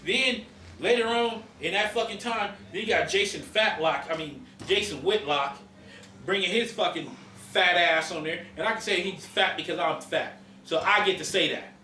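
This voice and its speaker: Dude ranting and cussing on a podcast, high bright voice, echoey room, mic kinda far off. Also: male voice, normal speed, slight background noise. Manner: profane, ranting, emphatic. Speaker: podcast host. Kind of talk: heated casual chat.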